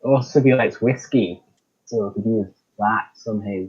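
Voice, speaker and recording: A man's voice: lowish voice, normal speed, a little mellow, slightly rough, highs cut off. A man playing a tabletop game, talking casually and hesitantly with lots of ums. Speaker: player.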